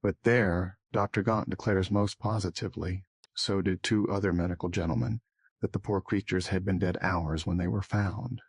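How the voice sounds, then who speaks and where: A man's voice: sits low, fairly even intonation, moderate pace, husky, no room sound, studio quality. A man voicing a chatty police inspector. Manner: chatty, good-natured. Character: kindly, talkative male police inspector.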